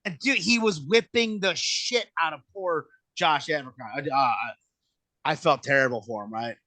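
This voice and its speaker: A man in his thirties telling a casual story, animated and profane, acting out quotes in exaggerated voices. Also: fairly high pitch, moderate pace, dry recording. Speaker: podcast guest telling a wrestling story.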